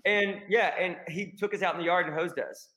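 A guest actor from the American South with a Southern accent, telling rambling, self-deprecating stories in a casual podcast chat. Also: male voice, sits high, fairly even intonation, fairly quick, a crowd in the background, rough recording.

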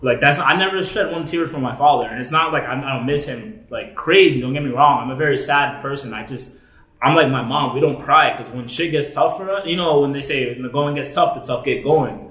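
A man's voice: medium pitch, brisk, fairly bright tone. Candid thirty-something man, echoey room. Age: 30s. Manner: candid, rambling, with many restarts and fillers. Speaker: podcast co-host. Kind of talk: casual chat.

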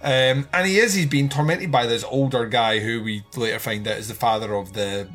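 A man talking through a horror film review in loose, casual chat, his pitch in the middle range. He rambles with fillers and swears freely. Soft music plays faintly behind him. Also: moderate pace. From outside the United States. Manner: rambling, frequent fillers and swearing, laughs often. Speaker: podcast co-host.

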